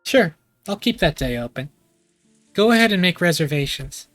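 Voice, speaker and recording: Game read: a man doing a smooth businessman on the phone, light higher tone, dry mic. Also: lively intonation, normal speed, fairly bright tone, no room sound, faint music behind. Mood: breezy. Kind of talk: reading game dialogue aloud.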